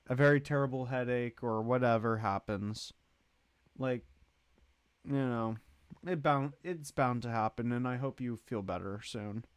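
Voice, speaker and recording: A man's voice: mid-range voice, clean tone, no echo. A man hosting a livestream, chatting casually in a rambling way and greeting and thanking viewers in the chat. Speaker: livestream host.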